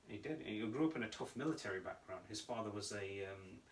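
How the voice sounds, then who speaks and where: Animated male podcast storyteller. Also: on the low side, a little fast, slight background noise. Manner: animated storytelling, laughs often. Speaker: podcast co-host. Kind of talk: casual chat. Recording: roomy echo, mic at a distance.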